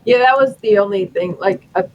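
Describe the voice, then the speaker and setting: Halting player thinking out loud. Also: mid-range voice, dull audio, a little hiss or hum. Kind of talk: casual tabletop game chat.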